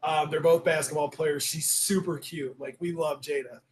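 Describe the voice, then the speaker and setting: A middle-aged man hosting a podcast, telling stories about his family in an animated, casual way. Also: a little high, normal speed, poor audio. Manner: animated anecdotal storyteller. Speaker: podcast host. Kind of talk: casual chat.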